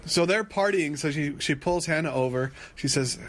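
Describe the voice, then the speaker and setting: A man co-hosting a podcast, rambling through a lively recap of a reality show and now and then mimicking the people in it. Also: on the high side, normal speed. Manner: animated retelling, mimics quoted people; rambling with frequent restarts. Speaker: podcast co-host.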